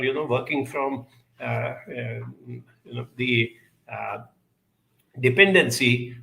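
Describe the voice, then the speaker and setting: A man giving a measured, emphatic talk and answering audience questions, with many pauses and fillers. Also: mid-range voice, creaky, a bit bright, roomy sound, rough recording. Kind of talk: live talk on emotional intelligence.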